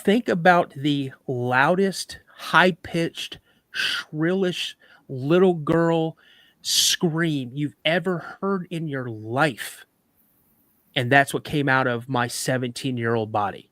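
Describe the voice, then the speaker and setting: A man telling a personal story on a live podcast, animated, acting out sounds and voices as he goes. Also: fairly high pitch, slow, no echo.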